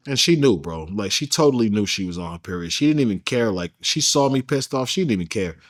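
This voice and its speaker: A man's voice: lowish voice, animated, fast talker. Blunt, slangy male interview guest. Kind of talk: candid first-person storytelling.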